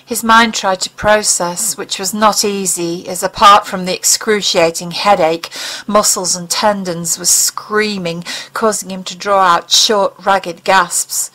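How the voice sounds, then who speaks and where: A woman's voice: mid-range voice, fairly even intonation, a little slow, sharp tone, low-quality recording. A woman narrating a dramatic audiobook. She reads with expression, pressing into the tense passages and inner thoughts of the story. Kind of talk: dramatic fiction reading.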